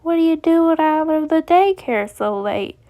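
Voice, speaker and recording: A woman's voice: high-pitched, expressive, measured pace, mellow, voice pushed up. A woman doing a drawling Southern gator robot. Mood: friendly. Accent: Southern US (put on). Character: gruff male alligator robot, Southern drawl.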